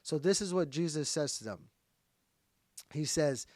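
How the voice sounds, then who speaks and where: Male Bible teacher, conversational sermon delivery, upper-pitched, dry recording. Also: expressive, moderate pace, no room sound. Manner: conversational, talks straight to viewers.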